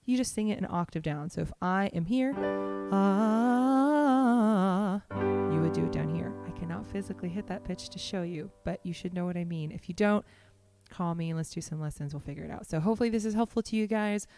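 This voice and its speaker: A woman vocal coach giving a lesson, explaining a warm-up exercise to home learners in a relaxed, encouraging way. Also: lowish voice, fast talker, creaky. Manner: counts in and sings warm-up syllables up and down the scale. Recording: piano accompaniment behind the voice.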